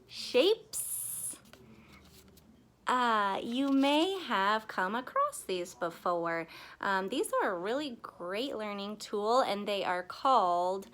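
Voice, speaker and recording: Slow, playful woman teacher. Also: mid-range voice. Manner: slow, gentle and playful, sings and acts out the class. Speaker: pre-K teacher. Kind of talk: children's lesson video.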